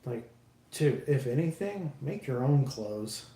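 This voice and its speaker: A man's voice: mid-range voice, lively intonation, takes it slowly, dark tone. A man live streaming while building a model kit, chatting casually with viewers in a rambling, self-deprecating way and swearing freely. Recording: roomy echo, faint background noise.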